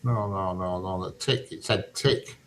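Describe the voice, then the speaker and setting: A man's voice: low voice, steady tone, a little slow. A man in casual group chat, joking and bantering wryly. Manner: wry, jokey banter. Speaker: chat participant. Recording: faint background noise.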